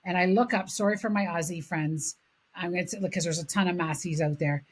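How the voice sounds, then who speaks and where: A husky woman from Canada tells stories on a podcast with lots of energy. She talks loosely and swears freely. Her voice has a rough, breathy edge. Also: fairly low pitch, fairly quick, low-quality recording. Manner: animated storyteller, swears freely, laughs mid-story. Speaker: podcast host. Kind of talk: casual chat.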